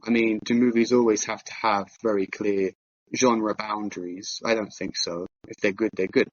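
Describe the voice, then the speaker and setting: A man on a film podcast, chatting casually and thinking out loud with fillers and restarts. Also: on the low side, fairly even intonation, moderate pace, lo-fi sound. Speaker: podcast co-host.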